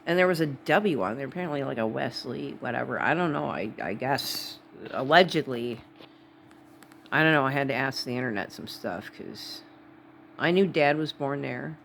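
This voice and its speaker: Wisconsin lady vlogging, goes off on tangents, kinda gravelly fry in her voice. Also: a bass voice, lively intonation, normal speed, a little hiss or hum. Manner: rambling, digressive, full of asides. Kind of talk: casual rambling monologue.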